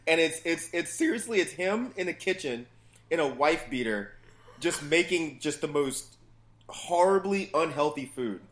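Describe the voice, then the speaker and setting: A man's voice: fairly high pitch, measured pace. A man in his thirties chatting casually as a guest, loose and profane, telling stories about his family. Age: 30s. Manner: loose, profane, animated storytelling. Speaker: podcast guest. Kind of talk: casual chat.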